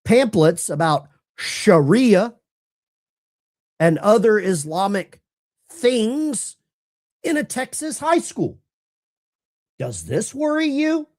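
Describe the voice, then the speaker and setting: Man, live stream host, sarcastic, rambling, unhurried delivery. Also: sits high, big pitch swings, darkish tone. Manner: sarcastic, rambling, with frequent restarts; addresses chat viewers directly. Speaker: political commentary livestream host. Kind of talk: casual live stream commentary.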